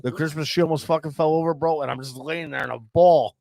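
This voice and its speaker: A man's voice: fairly high pitch, steady tone, quick pace, vocal fry, darkish tone. A man co-hosting a podcast, telling a rambling story full of swearing and constant "bro". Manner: profane, says "bro" constantly. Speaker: podcast co-host. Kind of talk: casual storytelling.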